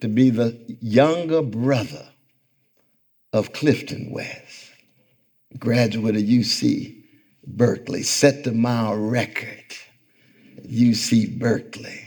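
A middle-aged man giving a public lecture to a live audience in an event hall, speaking with a rhythmic, sermon-like cadence that swells toward near-shouting as he calls out to the crowd. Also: medium pitch, slow pace, long pauses, slightly rough. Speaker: guest lecturer.

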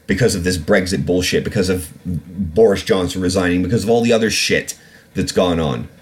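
A man's voice: low-pitched, a little fast. A man hosting a solo podcast, ranting about politics with heavy swearing and rambling, filler-laden asides. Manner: profane, ranting, swears often; rambling with many fillers and restarts. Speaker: podcast host.

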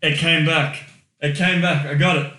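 A man's voice: a little high, level tone, moderate pace, sharp tone. An Australian man co-hosting a casual podcast, blunt and swearing freely, laughing easily as he talks. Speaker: podcast co-host. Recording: roomy echoey room.

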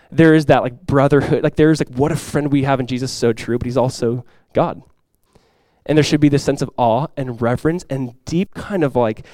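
A young adult man, a pastor, preaching a sermon in a casual, animated storytelling way. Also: on the high side, no room sound, low-quality recording.

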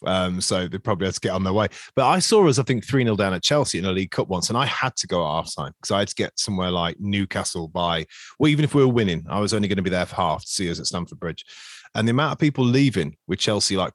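A man talking football on a podcast, rambling through stories with quick asides. His voice sits a little low and he speaks fast. The sound is dry and close. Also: animated, no room sound. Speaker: podcast host. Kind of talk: casual chat.

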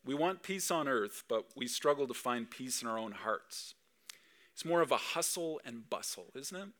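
A male pastor with a medium-pitched, slightly bright voice speaks at a normal speed with lively intonation. It's a Christmas Eve sermon in church, relaxed and loaded with rhetorical questions for the congregation.

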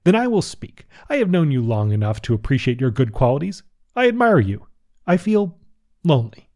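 A man voicing an eager young prince who pleads excitedly with a reluctant cousin he hopes to marry. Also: fairly high pitch, fairly quick, pitched above the performer's own voice. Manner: excited, imploring.

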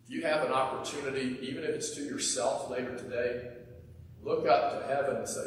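A man preaching a sermon in an earnest, conversational way, often sinking to a soft hush at the ends of phrases. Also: mid-range voice, fairly even intonation, a little fast, soft background music. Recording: echoey hall, mic from far off.

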